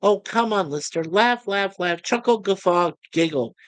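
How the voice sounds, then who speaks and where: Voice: medium pitch, measured pace, no echo, natural voice. A fan voicing a fussy, pompous male officer who nags about his revision timetable. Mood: nagging. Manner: nagging, repetitive.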